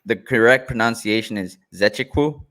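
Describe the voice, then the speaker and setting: Male podcast co-host, lowish voice, calm, quizzes his partner. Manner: measured, asks follow-up questions. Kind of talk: casual fight-talk podcast.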